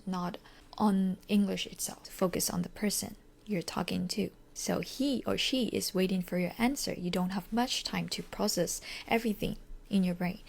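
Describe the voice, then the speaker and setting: Speaking in a medium-pitched, creaky, slightly mellow voice, a young Korean-accented woman talks on her own casual podcast. She is candid and reflective, lets the conversation flow loosely, and frequently begins with "so."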